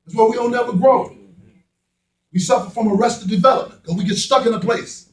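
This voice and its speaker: A pastor with a very high-pitched voice talks a little fast, preaching in a folksy, joking way with playful asides. He was recorded in an echoey church sanctuary from a distant mic. The congregation can be heard responding.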